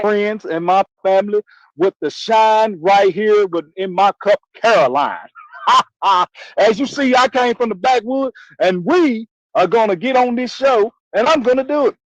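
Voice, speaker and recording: A boastful backwoods moonshiner, played by a man, hollers and rambles in a thick drawl. His voice sits high. The sound is dull, dry and lo-fi. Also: no room sound, exaggerated voice. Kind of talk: comedy sketch character.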